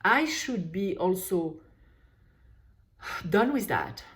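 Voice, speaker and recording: Woman, tapping coach, slightly low voice, slow repetitive phrases, guided session. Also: very animated. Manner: slow, repetitive phrases voicing frustration while tapping points.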